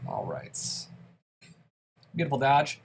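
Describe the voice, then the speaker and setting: A man's voice: mid-range voice, very animated, takes it slowly, vocal fry, slightly rough. A man hosting a let's play, giving casual commentary on his gameplay in an upbeat, chatty way and explaining each choice he makes.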